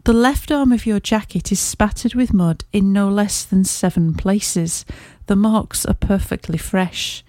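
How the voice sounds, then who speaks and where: A woman reading as a brisk, courteous Victorian detective. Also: medium pitch, warm tone, no room sound, natural voice. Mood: composed. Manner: crisp, measured Victorian speech. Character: brisk, observant male detective, confident and courteous.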